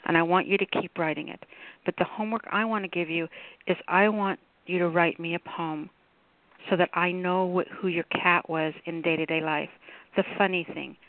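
A woman's voice: fairly low pitch, steady tone, moderate pace, no room sound. A woman hosting a call-in poetry radio show, chatting casually and rambling with lots of fillers. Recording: tinny phone-line audio.

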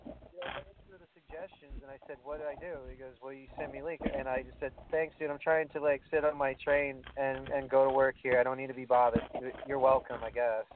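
A man's voice: medium pitch, brisk. A man from Brooklyn with a New York accent, hosting a casual podcast chat and telling blunt, swearing stories. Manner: blunt, swearing, animated storytelling. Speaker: podcast host. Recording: tinny phone-like line with faint hiss.

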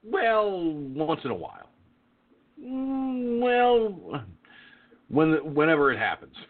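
A man hosts an online talk show in a profane, blustering rant, circling back to the same points. His voice sits a little high and swings widely in pitch. It comes through a narrow, phone-like line. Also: huge pitch swings, takes it slowly. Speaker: radio show host. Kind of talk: ranting call-in talk show.

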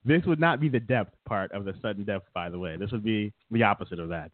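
With a lowish voice and a quick pace, this man co-hosts a casual, comedic chat show, rambling and teasing his co-host with frequent chuckles. There's no echo; the sound is dry and tinny, like a phone.

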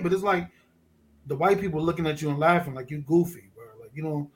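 A man's voice: high-pitched, brisk. A man from Detroit, a podcast guest, telling stories in casual, profane street talk and acting out the dialogue. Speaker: podcast guest, underwater photographer. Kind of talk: casual storytelling chat.

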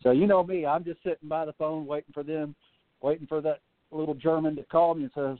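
An easygoing ring announcer chats as a guest, his voice a little higher than most men's. He comes through a tinny, phone-like line with a dry sound. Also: steady tone, a little fast, no room sound. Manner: easygoing, agreeable, chatty. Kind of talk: casual podcast chat.

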